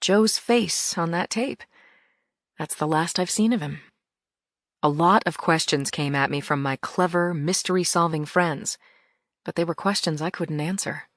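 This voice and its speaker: Lower-voiced woman narrating an audiobook, dry. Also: moderate pace, fairly bright tone, no echo. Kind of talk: first-person audiobook narration.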